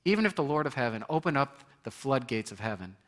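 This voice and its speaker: A man's voice: mid-range voice, sing-song, fast, a bit bright, big-room sound. A man preaching a sermon as pastor, conversational, asking the congregation questions and acting out quoted people.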